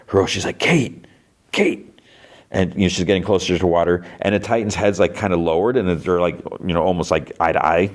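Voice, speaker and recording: A man's voice: low voice, a little mellow. A man hosting a podcast, casually recapping an episode in a rambling way with lots of fillers and short acted-out lines. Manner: rambling with many fillers, briefly acting out characters' lines in a raised voice. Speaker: podcast host.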